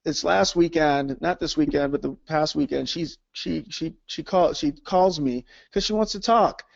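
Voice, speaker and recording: A man's voice: fairly high pitch, normal speed, gravelly, dry recording. Earnest man telling a story in a dull lo-fi recording. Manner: earnest, animated, often asks "right?". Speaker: host. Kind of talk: casual faith conversation, personal storytelling.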